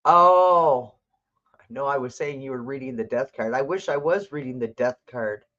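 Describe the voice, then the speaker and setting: A woman's voice: rumbling low, moderate pace, fairly bright tone, lo-fi sound. An older woman hosting a tarot livestream, chatting casually, reading out viewer comments and talking to her cat.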